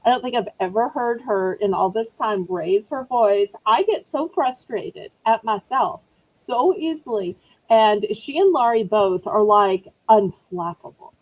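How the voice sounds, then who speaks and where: A woman's voice: on the high side, a little slow, darkish tone, poor audio. A middle-aged woman hosting a live online auction, chatting in a rambling, apologetic way. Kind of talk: live-stream selling chat.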